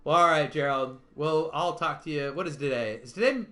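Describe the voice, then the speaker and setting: A man's voice: on the high side, brisk, fairly bright tone. A man hosting a casual online chat, rambling with restarts and frequent laughter. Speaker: stream host.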